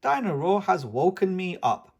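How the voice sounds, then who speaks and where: A man voicing a small girl piglet in a storybook read-aloud, high and chirpy. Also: sing-song, moderate pace, vocal fry, husky, exaggerated voice. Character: bossy little girl piglet.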